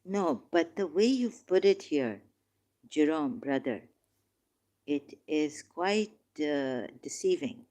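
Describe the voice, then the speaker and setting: A woman holds her ground in a heated religious debate, reading verses aloud and correcting her opponent again and again. Her voice sits low and warm, and she takes her time over each word. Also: expressive, slow. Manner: insistent, repeatedly correcting, reads verses aloud. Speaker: debate participant.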